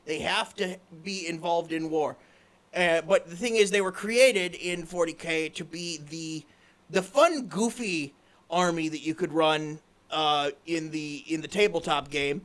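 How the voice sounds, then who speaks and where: A man co-hosting a comedic podcast, excitable and given to loud shouted bits. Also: a little high, a little slow. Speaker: podcast co-host.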